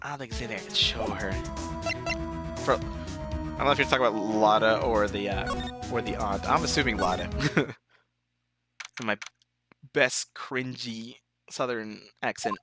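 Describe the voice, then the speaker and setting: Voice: mid-range voice, moderate pace, long pauses, over music. A let's-play streamer reading game text aloud and commenting casually, self-mocking and giggly.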